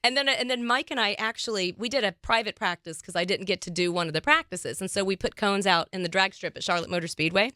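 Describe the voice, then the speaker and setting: Bright, animated woman hosting a chat. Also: mid-range voice, fast, few pauses, no room sound, clean studio sound. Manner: animated storyteller, laughs often, acts out quotes. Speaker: podcast host. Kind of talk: casual interview chat.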